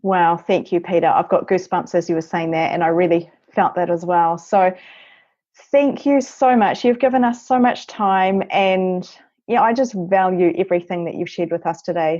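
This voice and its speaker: A woman's voice: fairly low pitch, normal speed, mellow, lo-fi sound. A woman hosting an interview podcast, affirming and encouraging her guest as she asks questions and wraps up. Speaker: podcast host.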